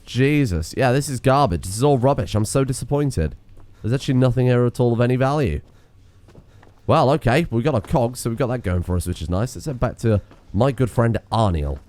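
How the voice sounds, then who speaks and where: A man's voice: medium pitch, brisk, darkish tone, dry recording. A man streaming a game, giving sarcastic, sweary casual commentary while feeling under the weather. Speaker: gaming streamer.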